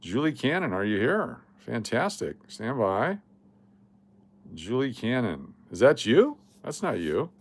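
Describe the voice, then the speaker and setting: Very animated but measured in pace, this medium-pitched Las Vegas man runs a relaxed coin livestream with giveaways. The middle-aged host chats away and reads out comments from viewers.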